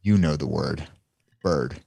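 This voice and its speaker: A man's voice: very deep voice, slow pace, vocal fry, mellow, no room sound. A man co-hosting a casual podcast, talking bluntly with lots of swearing and laughter. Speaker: podcast co-host. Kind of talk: casual chat.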